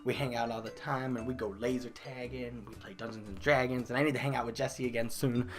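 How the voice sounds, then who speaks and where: A young man vlogging a comedic storytime about his old job, animated, breaking into loud exaggerated outbursts and laughs. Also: medium pitch, fairly quick. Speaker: vlogger telling a work story. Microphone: desk microphone.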